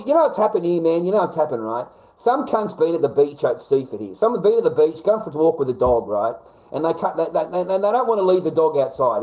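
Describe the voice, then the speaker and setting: A man's voice: on the high side, darkish tone, poor audio. A middle-aged Australian man ranting profanely on a livestream. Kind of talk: livestream rant.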